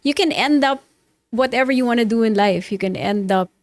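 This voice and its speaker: A woman's voice: fairly high pitch, brisk, no room sound. A woman hosting a podcast, engaged and affirming as she asks follow-up questions. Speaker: podcast host. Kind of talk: casual interview chat.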